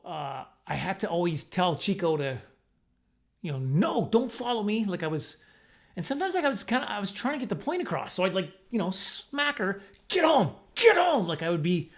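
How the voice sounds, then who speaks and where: Comedic male storyteller, casual and self-deprecating, slightly high voice, slips into quoted voices. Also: animated, brisk. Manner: rambling, self-mocking, acts out quoted voices. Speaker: comedian telling a personal story.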